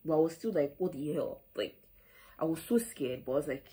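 A young Nigerian woman with a Nigerian accent, telling an animated storytime vlog, full of quoted back-and-forth and "like". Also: deep voice, brisk, rough recording. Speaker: vlogger.

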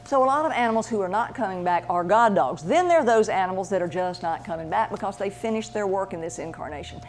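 A woman who works as an animal medium, telling stories in a chatty, animated way and acting out the voices in them. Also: mid-range voice, fast talker, slight background noise. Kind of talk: casual storytelling talk.

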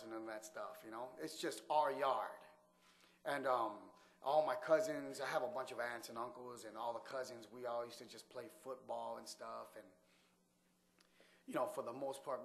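A man telling a personal story from his childhood in a casual way, often restarting and laughing. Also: a little high.

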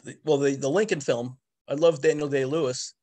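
A man, an author and historian, giving a virtual book talk over a video call. He speaks haltingly, with frequent restarts and fillers. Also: fairly high pitch, fairly even intonation, mellow. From the Bronx, New York.

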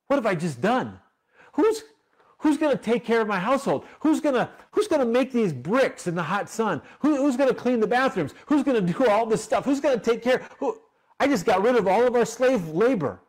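A man voicing a flustered, bossy ancient king who fires off high, panicky questions. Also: big pitch swings, moderate pace, full character voice. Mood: panicked.

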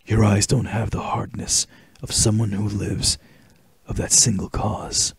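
A man reading a stoic male soldier hero's lines aloud in a lowered, terse voice. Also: level tone, unhurried, vocal fry, slightly rough, no echo, heavily acted. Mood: stern.

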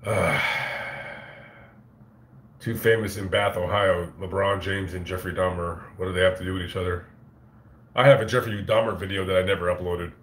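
Deep-voiced man rambling on a livestream. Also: steady tone, fairly bright tone, slight background noise. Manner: profane, halting, with frequent restarts. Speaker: channel host on a livestream. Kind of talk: casual rambling livestream chat. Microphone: phone. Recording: echoey room.

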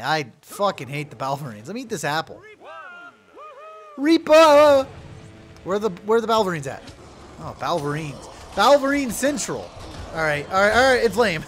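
Excitable young man yelling over gameplay. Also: high-pitched, a little hiss or hum. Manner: excitable, swears loudly, yells at his companion. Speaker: gaming video creator. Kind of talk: let's play commentary.

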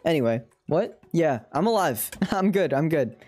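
A man's voice: on the high side, expressive, normal speed, a little mellow, no room sound, soft background music. A man streaming a game, chatting playfully and swearing while reading lines aloud. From India. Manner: playful, swears, laughs a lot.

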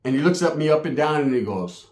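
A man's voice: a little high, fairly even intonation, racing, a little mellow. A man telling a comedic, profane story, acting out voices as he goes. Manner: profane, streetwise, acts out voices. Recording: echoey room.

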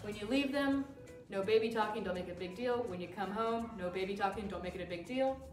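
A woman dog trainer explaining crate training in a calm, firm way while working with a dog. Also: medium pitch, fast talker. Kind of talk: instructional demonstration. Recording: roomy sound from a distance with music.

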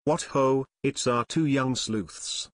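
A man's voice: medium pitch, takes it slowly, no room sound, close to an everyday voice. A man voicing a smug, bumbling would-be detective who is sure of his own deductions. He sounds pompous and self-satisfied. The audiobook recording is dry and close.

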